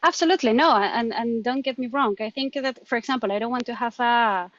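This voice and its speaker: Woman, Colombian accent, Spanish native speaker, animated interview chat, slightly high pitch, dull lo-fi sound. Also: brisk, a little hiss or hum. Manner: animated, laughs often, restarts words. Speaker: guest. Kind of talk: conversational interview.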